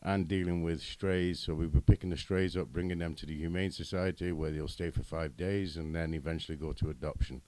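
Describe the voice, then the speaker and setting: A man's voice: deep voice, fairly quick, hardly any pauses. A middle-aged British man, a guest in a casual interview, telling chatty anecdotes about his work and odd words. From Britain. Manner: chatty storyteller, animated anecdotes.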